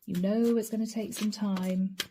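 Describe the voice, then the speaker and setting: Woman, tarot reader, chatty and laughing, mellow tone, mid pitch. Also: fairly even intonation, moderate pace, slight background noise. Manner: chatty, laughing, relatable asides. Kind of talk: channeled tarot reading to camera.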